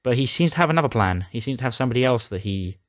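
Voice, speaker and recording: A man's voice: medium pitch, animated, racing, no room sound. A man casually recapping his playthrough of a wrestling sim game, retelling storylines with dramatic flair. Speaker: gaming YouTuber.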